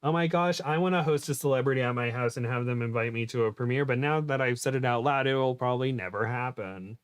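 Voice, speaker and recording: A man's voice: medium pitch, fast, clear, resonant tone, no room sound. A man co-hosting a casual chat and reading a story aloud, giggly and playful. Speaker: co-host.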